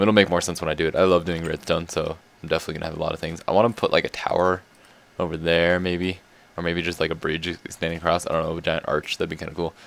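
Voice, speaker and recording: Deep-voiced man rambling over gameplay. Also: a little hiss or hum. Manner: rambling, excitable, laughs often. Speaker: gaming video creator. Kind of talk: casual gameplay commentary.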